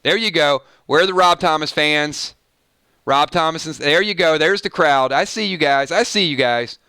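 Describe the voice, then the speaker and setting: Male streamer, casual chat, breaks into song bits, bright tone, dry close sound. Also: a little high, normal speed, clean tone, dry recording. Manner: sings snippets of songs, playful and animated. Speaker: livestream host.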